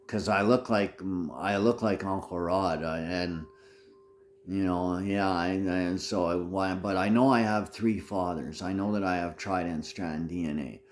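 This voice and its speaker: A man with a very deep, low voice talks on in a loose, rambling monologue. He circles back, repeats words and restarts his sentences, with a faint hum behind him. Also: fairly even intonation, unhurried. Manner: rambling, repetitive, restarts phrases.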